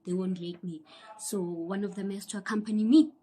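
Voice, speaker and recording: A young South African woman telling a personal story in a casual, animated way, acting out the people she quotes and sometimes dropping into a whisper. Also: mid-range voice, fairly quick, husky. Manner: animated, acts out quoted voices, drops into whispers. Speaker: YouTuber.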